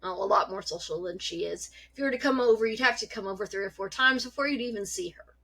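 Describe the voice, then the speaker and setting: A woman vlogger telling a story about her cat in a chatty, animated way, swearing freely. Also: mid-range voice, quick pace, gravelly. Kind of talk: casual storytelling.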